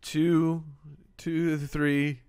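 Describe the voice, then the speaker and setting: A man co-hosting a casual sports podcast, easygoing and quick to agree with the others. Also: fairly high pitch, level tone, darkish tone, clear, resonant tone, no echo, clean studio sound. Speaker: podcast co-host.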